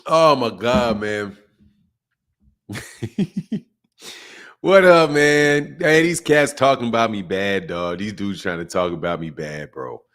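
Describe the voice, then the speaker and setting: A man's voice: on the low side, slow pace, long pauses. A man hosting a casual boxing livestream, greeting chatters by name, talking loose and slangy with plenty of laughter and cursing. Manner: loose, laughing banter, shouting out chat names; slangy, profane, mocking.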